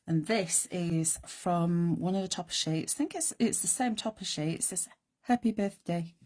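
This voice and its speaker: A middle-aged woman hosting a live craft demonstration, chatty and self-deprecating, thinking aloud as she works, her voice going croaky. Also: lowish voice, moderate pace, darkish tone. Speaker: craft show host.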